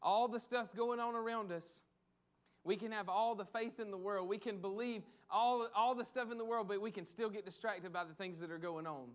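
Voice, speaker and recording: High-voiced man preaching a sermon. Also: fairly even intonation, moderate pace. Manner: conversational, repeats phrases for emphasis. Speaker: pastor.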